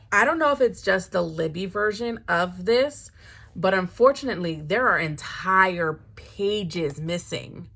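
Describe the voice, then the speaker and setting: A young woman talks casually about her reading in a slightly low voice. She is dramatic and animated, dropping to near-mumbles and then leaping up into high, loud exclamations. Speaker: book vlogger. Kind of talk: casual chat.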